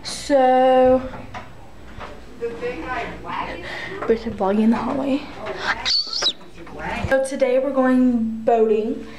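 A woman's voice: high voice, fairly even intonation, extremely slow, long pauses, a crowd in the background, low-quality recording. A woman talking casually to camera for her vlog, loose and chatty, recorded on a phone or handheld camera. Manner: chatty, loose, full of "like" and "so yeah". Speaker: vlogger.

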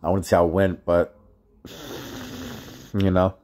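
A man talking to his vlog audience in a halting, rambling way, full of fillers and restarts, upset and frustrated. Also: low voice, level tone, darkish tone. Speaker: vlogger. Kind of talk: casual vlog monologue.

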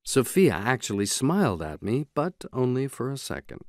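A man reading a novel aloud in the first person, in a measured, even way. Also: medium pitch, no echo, studio quality. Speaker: audiobook narrator. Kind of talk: scripted audiobook narration.

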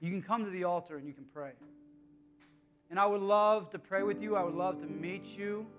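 A man preaching a sermon as pastor, earnest, swinging between hushed, intimate lines and emphatic calls to the congregation. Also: sits high, a little fast, faint music behind.

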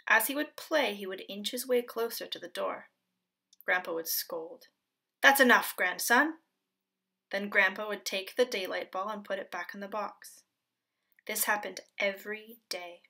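A woman who teaches on the Pacific Northwest coast reads from a storybook in a gentle, expressive way, at times falling to a quiet whisper. Her voice is medium in pitch with a creaky quality.

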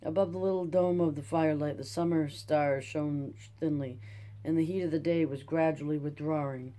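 Calm classic-novel narrator, dark mellow tone. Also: mid-range voice, normal speed. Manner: calm, even reading. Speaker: audiobook narrator.

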